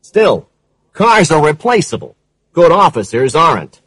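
A male reader voicing a brisk, matter-of-fact male police captain in an audiobook, in a noticeably higher voice than his own. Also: sing-song, a bit bright, slightly rough, dry recording, heavily acted. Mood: dry, approving. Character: gruff middle-aged male police captain.

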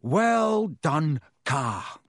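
A man voicing a young teenage boy wizard who is panicky and excitable, pushing his voice up into strained shouts. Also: extremely slow, vocal fry, no room sound, clean studio sound, exaggerated voice. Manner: raised, strained shouting pitch. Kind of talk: audiobook character voice.

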